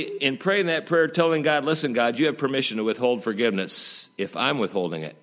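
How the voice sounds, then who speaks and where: Male pastor, mid-pitched voice, folksy conversational sermon, big swings between emphatic highs and hushed asides. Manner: conversational preaching with rhetorical questions and folksy jokes.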